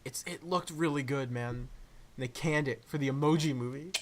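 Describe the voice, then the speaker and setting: A man's voice: on the high side, moderate pace. A young man on a podcast, chatting casually and animatedly, saying "dude" a lot and acting out silly voices. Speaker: podcast co-host. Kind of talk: casual chat.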